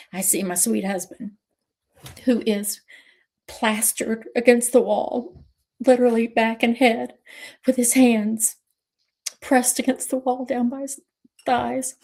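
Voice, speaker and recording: A middle-aged woman moderator telling a personal story on a livestream, earnest and reflective, with pauses and restarts. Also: on the high side, darkish tone.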